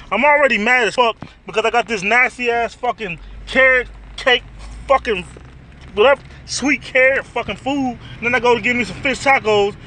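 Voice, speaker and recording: Man, high-pitched, bright edgy tone, blunt profane ranting, casual food review, in a car. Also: a little hiss or hum.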